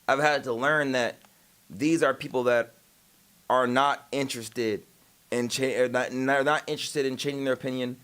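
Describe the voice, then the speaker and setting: A man livestreaming, telling a story in a rapid, emphatic way, swearing often and trailing off with filler sounds. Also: medium pitch, steady tone, fairly bright tone, smooth. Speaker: streamer. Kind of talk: casual livestream storytelling and reacting.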